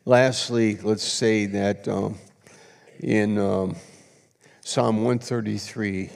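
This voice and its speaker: Gravelly pastor preaching in a reverberant church. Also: male voice, on the low side, fairly even intonation, very slow. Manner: emphatic bursts and soft confiding drops. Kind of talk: sermon. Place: church sanctuary. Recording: long church hall reverb.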